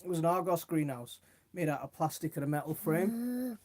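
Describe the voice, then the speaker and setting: A man's voice: fairly high pitch, expressive, normal speed, a little mellow. A middle-aged man hosting a casual gardening live stream, chatting and reading out viewer comments in a rambling, easily sidetracked way. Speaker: gardening livestream host.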